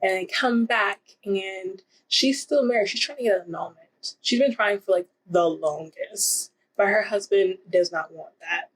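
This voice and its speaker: A woman's voice: mid-range voice, unhurried, few pauses, husky, low-quality recording. A young woman casually reviewing romance books in a rambling, giggly way, with lots of fillers. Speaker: book vlogger. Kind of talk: casual book review vlog.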